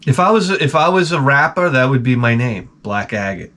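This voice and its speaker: A man from the United States with a medium-pitched voice hosts his channel, telling rambling comedic stories at a moderate pace. He's animated and profane, dropping to mutters for asides.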